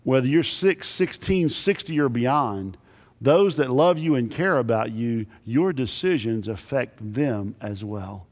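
Emphatic preacher in an echoing hall. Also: male voice, expressive. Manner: emphatic, dramatic pauses, drops low for punchlines. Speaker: pastor. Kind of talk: sermon. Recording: long reverb in large hall.

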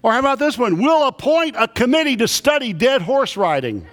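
A man's voice: very high-pitched, sing-song, a little fast, a bit bright. A man preaching a sermon to a congregation, telling folksy, humorous stories. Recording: long reverb of a big hall.

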